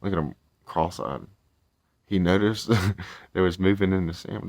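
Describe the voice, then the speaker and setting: A man's voice: low voice, normal speed, a little mellow, dry recording. A man casually reading a storybook aloud, with rambling, chatty asides and self-corrections.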